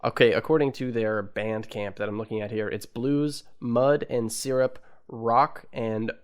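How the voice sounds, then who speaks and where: A man's voice: medium pitch, steady tone, measured pace, clear, resonant tone. A young man co-hosting a podcast, chatting casually and joking as he explains things at length. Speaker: podcast co-host. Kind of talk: casual chat.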